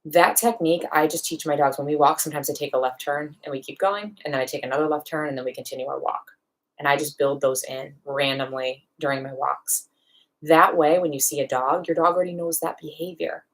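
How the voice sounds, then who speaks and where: Low-voiced woman explaining dog training. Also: fairly even intonation. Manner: practical, explains step by step with quick acted-out asides. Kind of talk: live online Q&A lesson.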